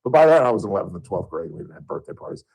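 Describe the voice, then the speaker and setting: Hosting a radio program, a middle-aged Southern California man tells stories casually on air and gets loud and high when agitated. His pitch swings widely, he races along, and his voice is gravelly and husky, all captured in poor audio.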